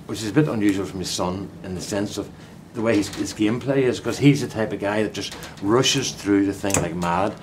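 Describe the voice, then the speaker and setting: An older man with a lowish voice talks briskly, with few pauses, while working outdoors in a vegetable plot. He's a gardening vlogger rambling chummily to camera, with lots of restarts and asides, and the audio carries a little hiss or hum.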